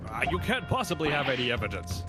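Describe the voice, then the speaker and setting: A man's voice: medium pitch, big pitch swings, fast. A young man playing along on stream, playful and laughing, riffing on the jokes. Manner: playful, laughs a lot, riffs on the other's jokes. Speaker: co-player on stream. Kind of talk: casual gameplay chat. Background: game music.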